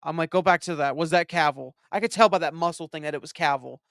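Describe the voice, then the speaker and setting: A man talks over a film in a casual commentary, animated and profane as he retells his own reactions. His voice sits a little high and sounds smooth and clear. The sound is dry, with no room echo. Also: quick pace. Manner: excitable, profane, animated storytelling. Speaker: movie commentary host.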